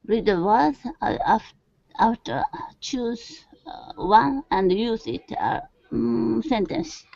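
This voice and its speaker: A woman's voice: fairly high pitch, expressive, slow, vocal fry, darkish tone. A woman student in an online English class, speaking hesitantly and searching for words. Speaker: language student. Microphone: video call. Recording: dull lo-fi video call audio.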